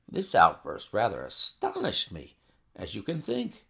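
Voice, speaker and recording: A man reading a classic short story aloud in an expressive first-person narration. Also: fairly low pitch, unhurried, creaky. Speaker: audiobook narrator.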